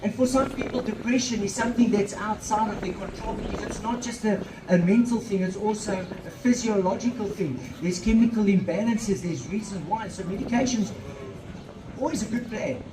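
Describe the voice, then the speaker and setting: A man's voice: high-pitched, normal speed, reverberant, noisy background. A man with a South African accent giving an earnest motivational talk through a handheld microphone, slipping in Afrikaans phrases. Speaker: motivational speaker. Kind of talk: motivational talk at an outdoor event.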